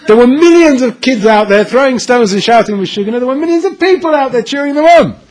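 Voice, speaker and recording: A man giving a storytelling Torah lecture, animated and acting out the dialogue with dramatic pauses. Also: very high-pitched, rough recording. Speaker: Torah teacher.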